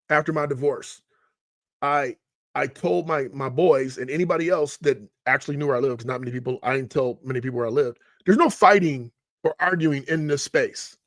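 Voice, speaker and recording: Energetic middle-aged man coaching on a live stream. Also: on the high side, no room sound. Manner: energetic, emphatic, repeats phrases for emphasis. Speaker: money coach and show host. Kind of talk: motivational live-stream talk.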